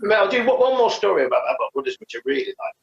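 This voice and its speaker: Rambling man, lively pitch, echoey. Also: rapid-fire, creaky. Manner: rambling, many restarts and fillers. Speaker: podcast co-host, karate teacher. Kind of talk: casual chat. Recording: echoey, dull lo-fi sound.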